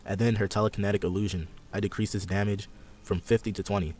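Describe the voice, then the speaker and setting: A man's voice: fairly low pitch, steady tone, fast talker, a little mellow, slight background noise. A young man hosting a casual gaming chat, rambling and a bit sarcastic as he walks through his ideas. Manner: laid-back, rambling, sarcastic. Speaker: podcast host.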